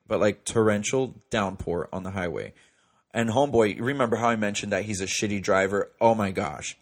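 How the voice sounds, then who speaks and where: Low-voiced young man telling a story. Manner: profane, chatty, heavy use of "like". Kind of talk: casual storytelling monologue.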